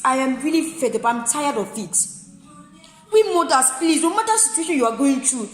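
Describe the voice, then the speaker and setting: A woman's voice: sits high, expressive, a little fast, reverberant, in a large hall. A woman vlogger making an impassioned, pleading appeal to mothers, repeating herself often. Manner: pleading, repeats herself, breaks off to tend her child. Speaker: vlogger giving advice to mothers. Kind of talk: impassioned direct-to-camera plea.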